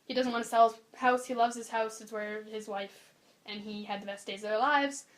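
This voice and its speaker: A young adult woman co-hosting a podcast in casual chat, animated and blunt in her opinions. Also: fairly high pitch, fairly quick. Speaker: podcast co-host.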